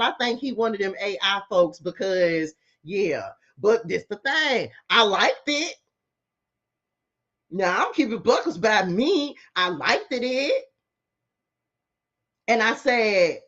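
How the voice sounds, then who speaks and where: A middle-aged woman, giving a casual tarot reading and talking straight to her viewers in a sassy, chatty way. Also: a little high. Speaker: spiritual tarot reader. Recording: slightly muffled lo-fi audio.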